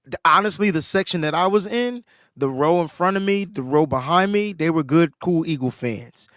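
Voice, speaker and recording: A man, a podcast co-host, telling a sports story in casual chat, animated and rising in pitch when he gets excited, a bit under the weather. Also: moderate pace, no echo, studio quality.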